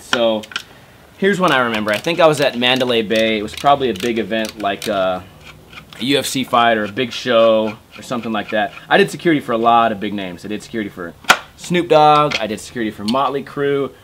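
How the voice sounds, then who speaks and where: Young guy, casual home vlog, swears a lot, slight background hiss. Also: on the low side. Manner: swears constantly, rambling and animated. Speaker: skateboarding vlogger. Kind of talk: casual chat. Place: home room.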